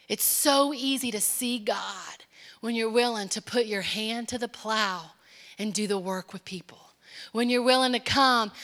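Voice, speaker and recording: Bright-voiced woman preaching in a reverberant church. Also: on the high side. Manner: impassioned, swings from hushed to emphatic. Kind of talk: sermon. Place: church sanctuary.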